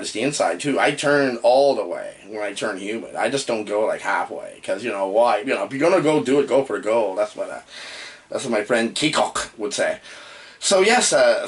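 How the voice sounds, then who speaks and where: A man's voice: medium pitch, animated, brisk. A man rambling through a comedic horror movie review in the persona of a demon host, prone to yelps and outbursts. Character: male demon posing as human host.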